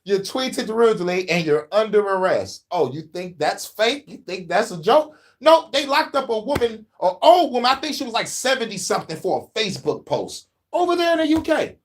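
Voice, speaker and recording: Brief: male streamer, casual slangy commentary, swears and laughs a lot, lively voice that swings up and down. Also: very high-pitched, fairly quick, hardly any pauses. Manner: laughing often, profane, loose slangy talk. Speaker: commentary streamer reacting to a video.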